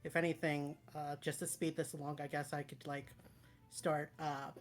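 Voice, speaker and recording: A woman's voice: deep voice, level tone, moderate pace, soft background music. A woman playing a tabletop game, talking in a hesitant way with many fillers. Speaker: player.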